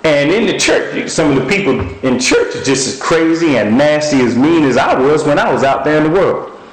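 A man preaching a sermon, telling personal stories in a lively, folksy way and sometimes quoting what God said to him. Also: on the high side, moderate pace, roomy sound, rough recording. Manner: animated storytelling, folksy speech.

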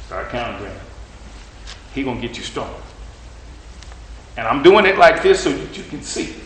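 A male preacher giving a sermon while lifting weights, telling a story in an animated way and straining with the effort. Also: medium pitch, moderate pace, reverberant, a little hiss or hum, poor audio. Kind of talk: sermon with a live weightlifting demonstration.

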